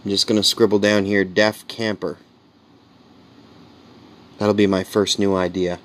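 A man's voice: fairly low pitch, little pitch movement, measured pace. A man hosting his own podcast, rambling in a casual solo monologue that swings between jokes and earnest talk. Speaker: podcast host and comedian.

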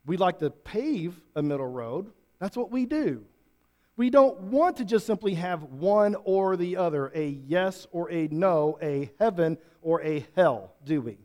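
High-voiced preaching man. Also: expressive, unhurried. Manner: dynamic, rising to loud emphatic preaching. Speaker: pastor. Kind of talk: sermon. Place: church room with congregation.

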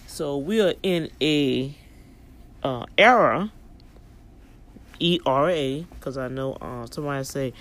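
A woman's voice: a bass voice, slow pace, pauses often. A woman with a New Orleans accent talking to her viewers in a casual, preachy monologue, full of emphatic rhetorical questions. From New Orleans, US South. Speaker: vlogger addressing her online family.

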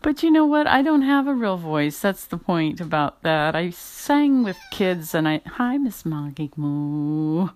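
A woman with a raspy morning voice, chatting casually in a voice message and laughing often. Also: lowish voice, very animated, unhurried, hardly any pauses, darkish tone. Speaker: podcast listener replying.

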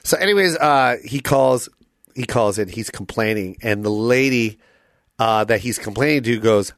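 A man's voice: mid-range voice, moderate pace, dry recording. A man hosting a podcast in a studio, telling a story with lots of laughter and swearing. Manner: animated storyteller, swears freely, laughs often. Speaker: podcast host. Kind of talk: casual studio chat.

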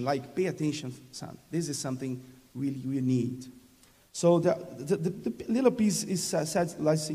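Brazilian man preaching in halting English. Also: on the high side, mellow, husky, in a large hall. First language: Portuguese. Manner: halting, many restarts, laughs often, invites call-and-response. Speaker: guest preacher. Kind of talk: sermon.

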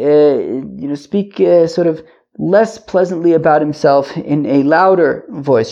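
A man's voice: fairly high pitch, vocal fry, warm tone, lo-fi sound. A man teaching a daily Talmud lesson, explaining in plain terms with many fillers and restarts, mixing Hebrew and Yiddish phrases into English.

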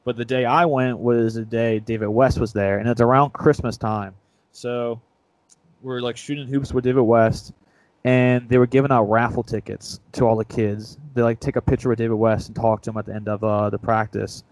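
A young man co-hosting a sports podcast, retelling a story in a rambling, self-mocking way. His voice sits at a middle pitch and sounds dry and close to the mic, with no room echo. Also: fairly even intonation, normal speed, a little mellow. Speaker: podcast co-host. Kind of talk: casual storytelling chat.

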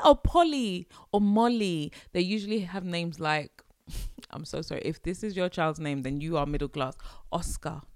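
A woman's voice: low voice, vocal fry, clear, resonant tone, no echo. A woman hosting a solo podcast, chatting candidly and rambling through asides. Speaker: podcast host. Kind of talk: casual solo podcast chat.

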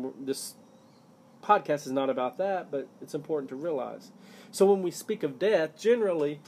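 A man's voice: mid-range voice, a little mellow, a little hiss or hum. Earnest man teaching scripture on a podcast. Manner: earnest, emphatic, stresses key words. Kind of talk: solo Bible-teaching podcast.

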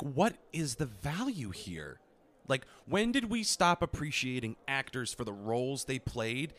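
A man of average pitch co-hosting a comedy podcast, his voice moving a lot in pitch. He trades dry, deadpan quips and wanders into anecdotes in a relaxed, casual way. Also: a little slow. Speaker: podcast co-host.

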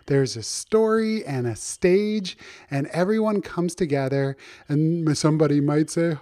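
Man storyteller, slightly high voice, lively, talks to kids, made-up bedtime tale. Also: a little slow. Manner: animated, speaks directly to children with questions. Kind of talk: improvised children's story.

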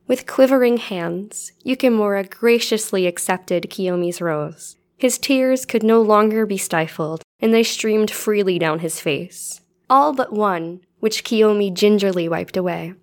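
A woman's voice: mid-range voice, unhurried, few pauses. A woman podcast co-host reading fan fiction aloud in a cheerful way. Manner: cheerful, giggly.

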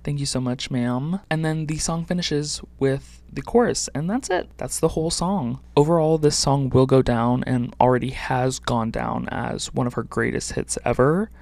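Young male podcast host, casual and chatty, gravelly tone, dry close sound. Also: medium pitch, normal speed, hardly any pauses, a little mellow, dry recording. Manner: chatty, uses "like" often. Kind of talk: solo music podcast commentary.

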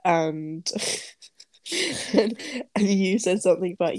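A woman's voice: lowish voice, slow, long pauses, a little mellow, dry recording. A young woman, co-hosting a casual chat podcast, blunt and darkly joking with some swearing. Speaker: podcast co-host.

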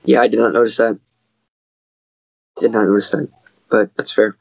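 A young man on a podcast, chatting casually about a movie with quick asides. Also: fairly low pitch, steady tone, vocal fry, husky, no echo. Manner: chatty, quick asides, laughs at plot holes. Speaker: podcast co-host. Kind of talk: casual movie review chat.

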